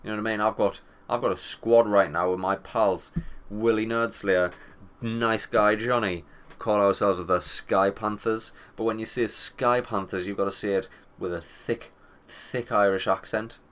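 A man's voice: on the low side, fairly even intonation, normal speed, a bit bright, smooth. A young man chatting casually about video games in a rambling, sweary, wry way. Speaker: gaming commentator. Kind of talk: casual gaming chat.

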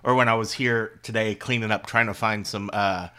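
A man co-hosting a podcast from his home, explaining things at length in a rambling, animated way. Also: on the low side, normal speed, clear, resonant tone. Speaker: podcast co-host. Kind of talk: casual chat.

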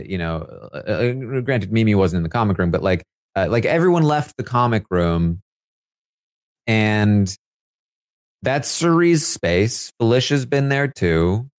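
A man's voice: fairly low pitch, expressive, slow pace, smooth, dry recording, studio quality. A man hosting a casual recap of a reality show, chatty and full of fillers, laughing as he talks. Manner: chatty, filler-heavy, laughs while talking. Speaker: live feed recap host.

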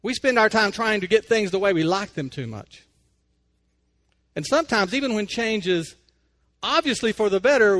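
A man's voice: high-pitched, a bit bright. A man hosting a radio devotional, telling stories and talking plainly about faith in a conversational way. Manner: folksy storytelling, plain-spoken.

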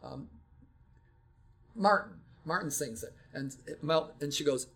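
A man's voice: a little high, fairly even intonation, moderate pace, creaky, fairly bright tone. An older man, a music educator, talking casually and reflectively about teaching children to sing, telling stories with frequent restarts.

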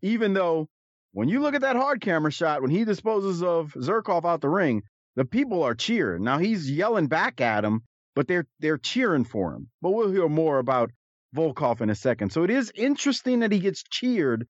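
A man's voice: fairly high pitch, sing-song, moderate pace, dry recording. A man hosting a casual chat about old wrestling, rambling and correcting himself as he goes. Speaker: podcast co-host. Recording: slightly dull dry mic.

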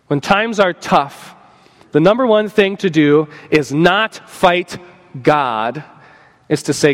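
A man preaching a sermon from the pulpit in a high voice. He talks earnestly and acts out what imagined people might say. His voice rings on in the long reverb of the church sanctuary. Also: lively intonation. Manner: earnest, voices imagined speakers, slows for emphasis. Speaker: pastor.

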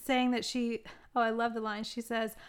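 A woman's voice: a little high, flat delivery, moderate pace, smooth. A woman co-hosting a casual film review chat, gushing as she retells favorite scenes. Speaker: podcast co-host.

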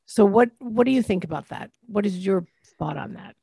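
A woman's voice: medium pitch, animated, normal speed, vocal fry, warm tone, slightly rough, no echo. A woman hosting a faith podcast, reflecting aloud and asking her guest questions. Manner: reflective, teacherly, asks questions. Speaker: podcast host.

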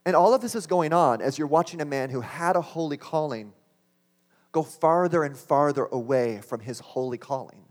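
A man's voice: on the high side, moderate pace. A man preaching a sermon, earnest and building to impassioned exclamations. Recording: long hall reverb.

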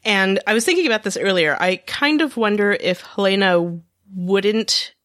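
A woman's voice: medium pitch, animated, fairly bright tone, no room sound, clean studio sound. A woman co-hosting a podcast, chatting casually and bluntly about a TV episode. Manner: blunt, emphatic, quick asides. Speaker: podcast co-host. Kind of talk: casual TV recap chat.

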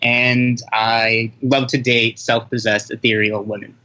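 A man's voice: mid-range voice, level tone, unhurried, dull audio, a crowd in the background. A man from America, guesting on a podcast, speaking earnestly and confidently with a playful edge. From America, of Haitian parents. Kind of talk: casual podcast chat.

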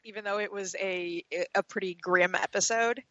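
Lady cohost on a podcast, bright voice, slightly dull dry sound, laughs a lot. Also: medium pitch, steady tone, normal speed, dry recording. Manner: chatty, laughs often. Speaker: podcast co-host. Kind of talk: casual chat.

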